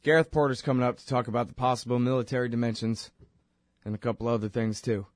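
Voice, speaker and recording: A man's voice: mid-range voice, little pitch movement, fast talker, no echo. A man hosting a political commentary show, talking in a sarcastic, impassioned way. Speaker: show host.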